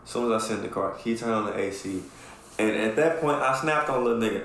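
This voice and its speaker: Gravelly man telling a story in an echoey room. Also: on the low side, fast talker, slight background noise. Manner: animated, profane storyteller who acts out quotes. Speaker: podcast co-host. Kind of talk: casual storytelling chat. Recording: echoey room with faint ambience.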